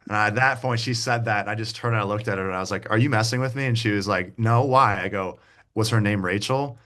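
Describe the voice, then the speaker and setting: A man's voice: fairly low pitch, fast, bright, forceful tone. A man in his thirties, a podcast guest, telling a long story in a loose, rambling way with many restarts. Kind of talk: casual interview chat.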